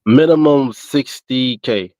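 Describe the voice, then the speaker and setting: A man's voice: medium pitch, takes it slowly, darkish tone, no room sound. A man on a podcast video call, answering a host's dating quiz in a laid-back way with blunt slang. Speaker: podcast guest taking a quiz. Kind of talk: casual group chat on a video call.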